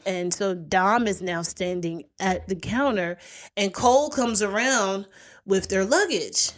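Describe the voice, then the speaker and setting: A woman podcast host with a medium-pitched voice speaks unhurriedly in casual chat. She retells a TV episode as a lively storyteller, acting out the characters' lines as she goes.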